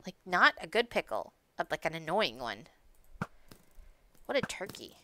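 A woman streaming Minecraft, chatting casually with herself and her chat as she plays, with sudden high yelps when startled. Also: big pitch swings, unhurried, background noise. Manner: chatty, talks to herself and chat while playing. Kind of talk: casual gaming commentary.

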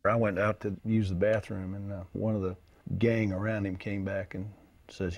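A man's voice: on the low side, a little fast, vocal fry, warm tone, husky. A man being interviewed, telling an anecdote and acting out the dialogue. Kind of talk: anecdotal storytelling.

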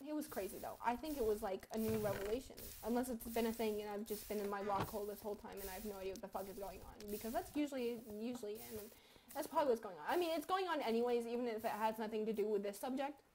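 High-voiced giggly young woman gaming. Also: fast, a little mellow, slight background noise. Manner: rambling, swearing, giggly, self-mocking. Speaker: gaming YouTuber. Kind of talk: casual gaming commentary.

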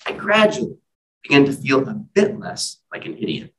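A man's voice: medium pitch, big pitch swings, normal speed, fairly bright tone, recorded from a distance, low-quality recording. A man, an author at a library event, reading his own comic stories in a wry, self-deprecating way with casual asides.

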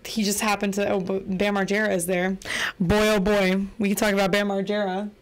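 A woman's voice: mid-range voice, flat delivery, a little fast. A young woman vlogger chatting casually to the camera, giggly, playful and rambling. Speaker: vlogger starting a podcast.

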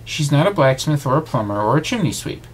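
A man reading aloud, voicing a grumpy, clumsy male beast in a bedtime storybook, gruff and curt. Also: a little high, sing-song, fast talker, a little hiss or hum.

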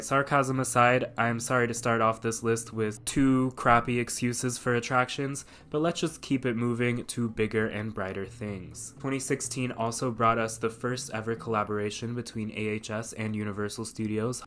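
A man's voice: medium pitch, a bit bright. A man narrating a scripted video essay, with dry sarcastic asides.

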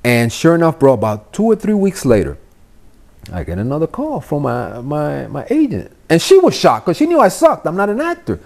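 Man, middle-aged, from Miami, casual podcast storytelling, very lively pitch, swears, acts out voices. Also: normal speed, creaky. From Miami, of Cuban family. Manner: animated, swearing, acts out the voices in his stories. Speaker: podcast guest, actor.

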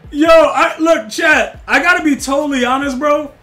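High-voiced excitable male game streamer. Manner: excitable, swears, loud outbursts at the game; teasing banter with chat. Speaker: gaming streamer. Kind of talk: live game-stream chat with viewers.

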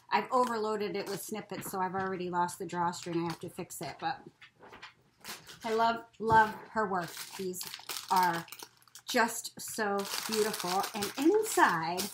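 A woman's voice: medium pitch, a little hiss or hum, low-quality recording. A woman chatting casually as she opens craft mail, gushing and giggling with frequent exclamations. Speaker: crafting vlogger opening mail. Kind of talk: casual unboxing chat.

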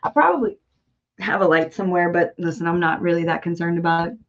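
A woman's voice: fairly low pitch, fast. A woman in her forties with a Cajun accent, chatting in a laid-back, drawling way as co-host of a livestream. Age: 40s. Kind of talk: casual livestream chat. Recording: muffled lo-fi stream audio.

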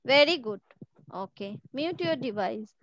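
A woman's voice: on the high side, lively intonation, unhurried, fairly bright tone, dull audio, a little hiss or hum. A woman teaching an online class, patiently repeating each question and word for her pupils. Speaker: school teacher. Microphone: video call from home.

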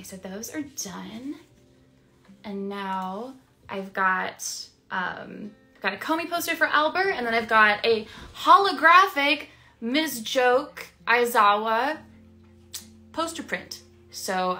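A woman's voice: fairly high pitch, bright, forceful tone. A woman streaming casually, chatting with fans while she signs prints, with frequent ums and small laughs. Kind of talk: casual livestream chat.

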